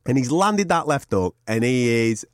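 A man co-hosting a podcast, excitedly retelling events in casual chat, often breaking into shouts and laughter. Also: medium pitch, moderate pace, no room sound, clean studio sound. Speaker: podcast co-host.

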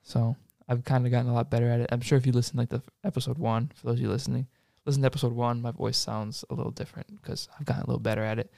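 A young man hosting a casual podcast, asking questions in a soft, relaxed, drawn-out way into a close mic. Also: medium pitch, vocal fry, dry recording. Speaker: podcast host. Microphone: studio podcast mic, close.

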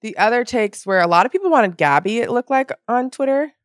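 A woman's voice: a little high, expressive, fairly quick, no room sound. Woman, podcast guest, casual chat, blunt opinions, dry sound. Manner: frank, opinionated, quoting herself.

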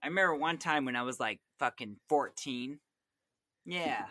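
A young man chatting casually on a podcast, telling stories in a profane, animated way. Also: medium pitch, moderate pace, no room sound. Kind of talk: casual chat.

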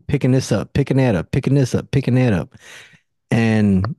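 A man hosting a podcast in casual chat, a lively storyteller who acts out what others said in a higher voice, with a relaxed, drawling way of talking. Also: a little slow, dry recording. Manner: animated storyteller acting out quotes in a higher voice; relaxed, drawling, says don't and nothing. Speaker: podcast host.

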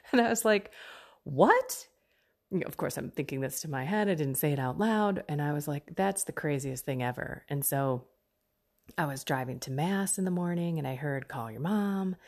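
A middle-aged woman hosting a faith podcast, giving an earnest pep talk that often drops into soft whispers. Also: low voice, gravelly. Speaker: podcast host.

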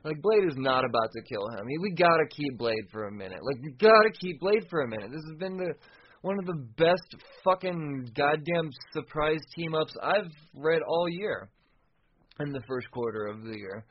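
A man hosting a podcast, recapping a comic book casually, excitable and profane, often restarting sentences. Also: fairly high pitch, moderate pace, no echo, muffled recording. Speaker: podcast host.

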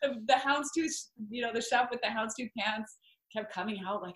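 A woman's voice: on the high side, a little fast, fairly bright tone. A woman telling a personal story expressively, with frequent giggles, as a guest in a chat. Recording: roomy echo.

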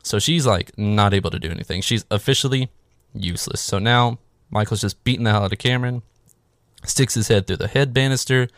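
A man talks through a film's plot in a loose, sarcastic way, swearing freely and padding his sentences with fillers. His voice sits low with a gravelly fry, recorded dry and close. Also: fairly quick, no echo. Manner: sarcastic, profane, rambling with many "like" fillers. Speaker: movie recap host. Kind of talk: casual spoken film recap.

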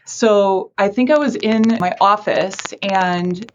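Woman, therapist, casual chat, self-deprecating, quick to laugh. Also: medium pitch, highs cut off, slight background noise. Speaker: mental health counselor for teens.

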